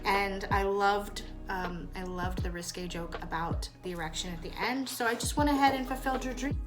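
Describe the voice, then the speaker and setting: A woman judges the entries and gives earnest, amused praise. Her voice sits in a middle pitch, with music playing loudly underneath. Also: moderate pace. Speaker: judge of the show's challenges. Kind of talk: casual show commentary.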